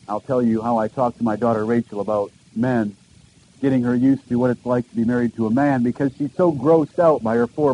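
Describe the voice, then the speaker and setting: A man's voice: medium pitch, warm tone, highs cut off, a little hiss or hum. A middle-aged man preaching a sermon to a congregation, posing searching questions and repeating key phrases for emphasis. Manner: earnest, questioning delivery with emphatic repetitions. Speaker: pastor.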